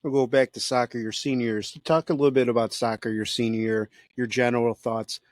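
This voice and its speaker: A man hosting a podcast, asking steady, prompting questions about a guest's past seasons. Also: mid-range voice, fast talker, dry recording, studio quality. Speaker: podcast host. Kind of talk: interview questions.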